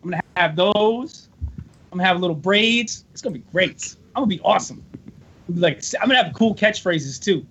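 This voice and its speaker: A man's voice: sits high, expressive, a little fast, fairly bright tone, slight background noise. A man who is a guest on a podcast, riffing playfully and boasting for laughs. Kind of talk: casual chat.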